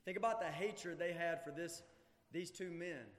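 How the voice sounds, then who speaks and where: A male pastor preaching a sermon in a church, emphatic, swinging from loud urgency to hushed intensity. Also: a little high, normal speed. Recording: long hall reverb.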